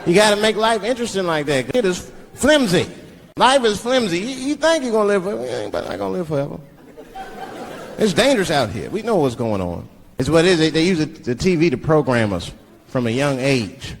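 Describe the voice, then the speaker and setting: A man's voice: high-pitched, lively intonation, brisk, creaky, a faint crowd, slight background noise. A man doing stand-up comedy, telling loose, profane stories and jumping in and out of voices. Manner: loose, profane storytelling that jumps into character voices. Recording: live club with loud audience laughter.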